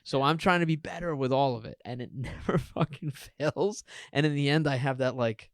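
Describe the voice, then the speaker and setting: A man's voice: mid-range voice, normal speed, no echo, studio quality. A middle-aged man from New Jersey, co-hosting a podcast and telling funny stories with lots of swearing. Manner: animated storyteller, swears often. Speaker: podcast co-host. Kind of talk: casual comedic chat.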